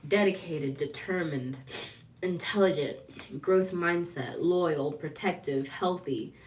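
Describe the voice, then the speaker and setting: Woman, animated livestream chat, slightly distant mic, faint background noise. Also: lowish voice, takes it slowly. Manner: chatty, animated, laughs often, acts out voices in quotes. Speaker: lifestyle vlogger.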